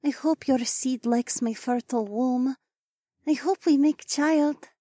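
Man voicing a soft high-pitched young alien woman. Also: no room sound, studio quality, full character voice. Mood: tender.

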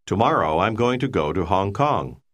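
A man narrating a language course, giving measured, explanatory prompts. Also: sits low, big pitch swings, a bit bright. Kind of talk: scripted instructional narration.

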